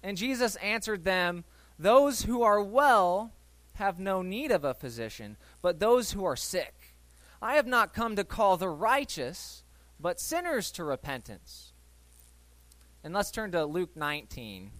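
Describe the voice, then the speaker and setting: A pastor with a high-sitting, sing-song, slightly bright voice preaches a little slowly, reading Bible stories and acting out the characters' voices. He keeps it conversational, speaking to his listeners and asking them questions, and the recording has no echo.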